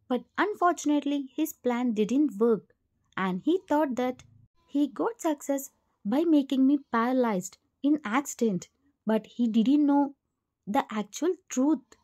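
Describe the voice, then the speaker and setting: Cold paralyzed young man, heartfelt and earnest, read by a woman, high and soft-toned. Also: a little slow. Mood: confessing.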